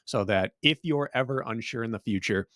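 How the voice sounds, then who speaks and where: A man co-hosting a running podcast, teasing and quick to laugh, then laying out his points with conviction. His voice is mid-pitched and the recording is dry and close. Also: a bit bright, no room sound. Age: adult father. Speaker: podcast co-host. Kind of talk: casual podcast banter and topic intro.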